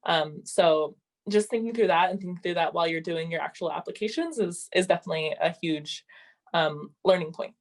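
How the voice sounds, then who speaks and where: Young woman with a low voice, casual. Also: fairly quick. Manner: casual, many fillers. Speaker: student panelist. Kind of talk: panel advice.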